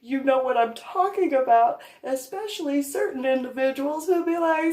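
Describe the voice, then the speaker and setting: A woman speaking in an unscripted monologue about her own experiences as a parent, slow and emphatic with deliberate pauses. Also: high-pitched, lively intonation, darkish tone, echoey room. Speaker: parent telling her story.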